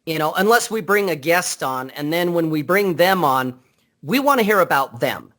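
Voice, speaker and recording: A man chats as a guest on a podcast, heard over a Skype call. He is blunt and unfiltered, and he rambles and restarts his sentences. His voice sits somewhat high for a man. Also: sing-song, moderate pace, fairly bright tone. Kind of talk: casual interview chat.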